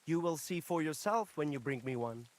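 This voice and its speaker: A man's voice: fairly high pitch, expressive, normal speed, slight background noise, lightly acted. An actor voicing a boastful, shady male horse dealer in a video game, with a swaggering, folksy way of talking.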